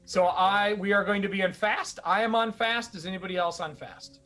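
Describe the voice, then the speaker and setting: A man running a tabletop game as game master, animated and quick to laugh. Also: high voice.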